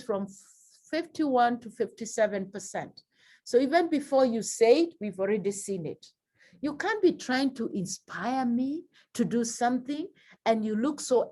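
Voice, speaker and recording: A woman teaching presentation skills in a lively workshop, acting out examples with big swings in her voice. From Kenya. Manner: animated, acts out examples with big pitch swings.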